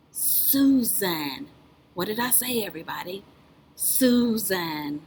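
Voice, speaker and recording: A woman's voice: mid-range voice, a little hiss or hum. A woman teacher giving a speech lesson to young children, patient and drawn out in a sing-song way.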